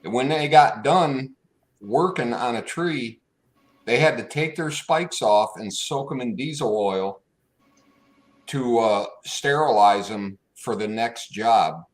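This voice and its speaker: Easygoing guy hosting a chat, slow talker, laughs a lot. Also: mid-range voice, animated, poor audio. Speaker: host. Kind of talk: casual chat.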